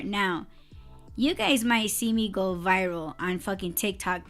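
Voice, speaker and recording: A woman's voice: mid-range voice, a bit bright. A woman co-hosting a casual podcast, telling a story in a heated, profane way and breaking into laughter. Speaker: podcast co-host.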